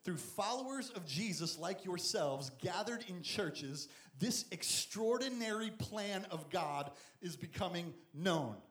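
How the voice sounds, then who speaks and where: A man preaching a lively, jokey sermon as a youth pastor, acting out Bible stories. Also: sits high, slow, few pauses, echoey room. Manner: energetic, jokey, acts out Bible figures.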